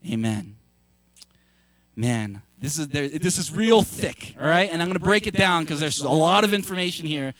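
A man preaching a sermon, passionate and emphatic, at times breaking into shouts. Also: fairly high pitch, lively intonation, normal speed, no room sound. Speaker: pastor.

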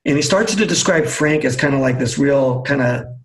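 A man, a team storytelling coach, telling a lively anecdote as a guest in a webcast interview, acting out the dialogue as he goes. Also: medium pitch, normal speed, low-quality recording. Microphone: video call.

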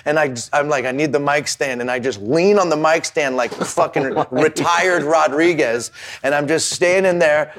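A fairly high-voiced man telling a wild backstage story in a loose, animated way. He swears freely and acts out every part as he goes. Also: normal speed, a little hiss or hum. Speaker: comedian and rapper guest. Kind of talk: casual storytelling chat.

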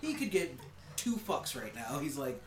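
A man's voice: mid-range voice, unhurried, echoey room, background noise. A man chatting casually as a podcast co-host, swearing and acting out quotes. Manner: animated, swearing, laughing, acts out quotes. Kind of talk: casual chat.

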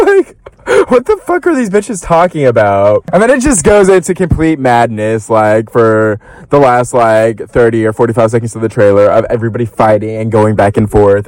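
A young man hosts his own podcast, rattling off gossip in a loose, animated way, peppered with fillers and cursing. His voice sits at a middle pitch but leaps sharply upward whenever he mimics someone. The sound is dry and close, with no room around it. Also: clear, resonant tone, no room sound, rough recording. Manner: animated, lots of fillers, swears, breaks into high-pitched quoting. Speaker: podcast host. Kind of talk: casual gossip commentary.

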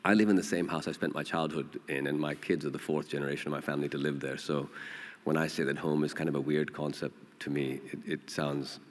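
Very deep-voiced man in his forties. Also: fairly even intonation. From Pakistan. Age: 40s. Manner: thoughtful, halting, many fillers. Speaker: panel guest, author. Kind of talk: live panel conversation. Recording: reverberant hall mic.

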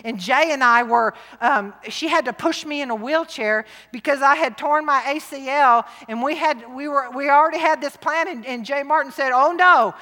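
A middle-aged woman, preaching to a women's rally with lively, emphatic, jokey swings between loud and hushed. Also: high-pitched, moderate pace, few pauses. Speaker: women's conference speaker. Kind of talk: sermon. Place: large church hall. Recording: long hall reverb.

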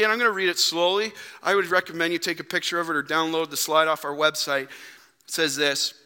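A man delivers a sermon in a high, piercingly bright voice. He preaches earnestly, driving points home with rhythmic repetition. A long reverb from the church sanctuary trails each phrase. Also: clear, resonant tone. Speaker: pastor.

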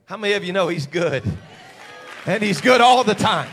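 A man preaching a fervent sermon, building up to shouts. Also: high-pitched, lively intonation, moderate pace, big-room sound, faint music behind, some chatter behind.

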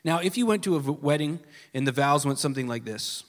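A pastor preaching a sermon with earnest emphasis that drops at times to a hushed, soft delivery. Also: male voice, on the high side, lively intonation, fast talker, hardly any pauses. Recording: long reverb of a large hall.

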